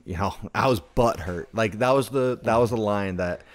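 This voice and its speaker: Low-voiced man telling stories casually. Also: moderate pace, dry recording. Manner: rambling storyteller, heavy on "like". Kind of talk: casual conversation.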